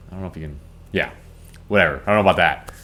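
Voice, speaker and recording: Male co-host, deep voice, relaxed anecdotal delivery. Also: very fast. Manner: relaxed, chatty anecdote teller. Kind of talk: casual storytelling.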